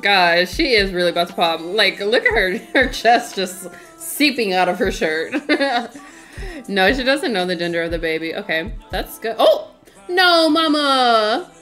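A woman's voice: mid-range voice, expressive, moderate pace, a bit bright, soft background music. A woman streaming a game in casual, chatty commentary, laughing often and talking to her chat.

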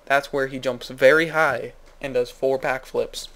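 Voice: medium pitch, steady tone, unhurried, a bit bright. A gaming video host giving goofy, rambling let's-play commentary, saying "like" a lot and jumping to sudden yelps. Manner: jumps to yelps and squeals.

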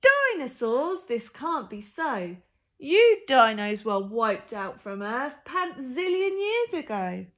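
A gang of excitable little storybook aliens squeal with glee, as a woman puts them on. Their voices jump high and swoop wildly, breathless with delight. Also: slow pace, full character voice. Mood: eager.

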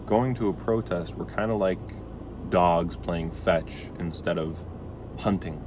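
A man's voice: deep voice, a little slow. A man hosting his own video, rambling through his thoughts in casual commentary, with plenty of fillers and small laughs. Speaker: video essay host. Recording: outdoor traffic noise. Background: passing cars.

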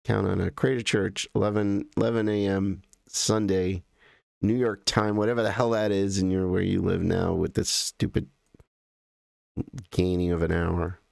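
An American man hosting a live stream, chatting casually and in a halting, rambling way as he greets viewers by name. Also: low-pitched, level tone, gravelly, a little mellow, dry recording, clean studio sound.

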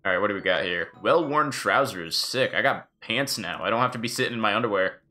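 A male game streamer chats casually over live gameplay, cracking jokes and swearing freely. His delivery swings up and down in pitch, and his voice is bright and forceful. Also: brisk. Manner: joking, animated, swears freely.

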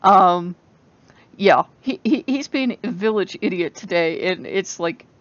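A woman's voice: mid-range voice, animated, a little slow, no echo, dull audio. A woman vlogging in casual chat to camera, rambling and laughing often, sounding exasperated.

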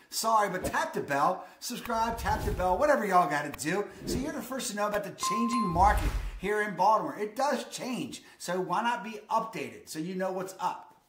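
A man's voice: high voice, noisy background. Brief: male real estate vlogger, emphatic and upbeat, roomy echo. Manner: enthusiastic, emphatic, repeats "I'm telling you". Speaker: real estate video host. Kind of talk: energetic real estate vlog.

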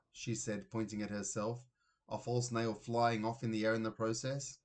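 A man narrating a children's storybook aloud in an expressive reading voice. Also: mid-range voice, measured pace. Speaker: reader.

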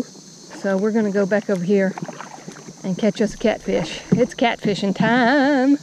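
A woman's voice: medium pitch, unhurried, background noise. Chatty woman fishing outdoors. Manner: chatty, talks to the fish and viewers with folksy phrases. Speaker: fishing vlogger. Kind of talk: casual narration while fishing. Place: outdoors on a kayak on the water.

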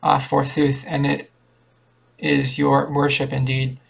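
A man reading the lines of a gossiping old woman who cackles, in his own flat, barely changed voice. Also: medium pitch, takes it slowly, gravelly, slightly rough, full character voice. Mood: gossipy.

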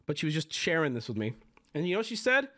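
A man's voice: fairly high pitch, very animated, fast talker, fairly bright tone. A man streaming live, telling stories in casual chat, teasing his viewers and swearing freely as he talks.

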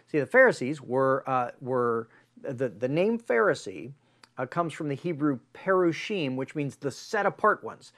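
A man preaching a sermon as pastor, telling stories in an animated way. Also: a little slow. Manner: animated storytelling with big pitch swings.

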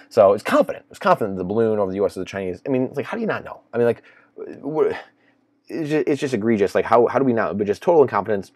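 Man, low voice, rambling commentary, dry close sound. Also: lively intonation, rapid-fire, darkish tone, dry recording. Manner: rambling, repetitive, incredulous. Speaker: finance commentator. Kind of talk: casual solo commentary.

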